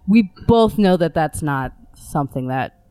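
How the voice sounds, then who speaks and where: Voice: medium pitch, animated, a little slow, mellow, no echo. A player in a tabletop game, talking in character in a playful, often laughing way. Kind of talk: in-character role-play.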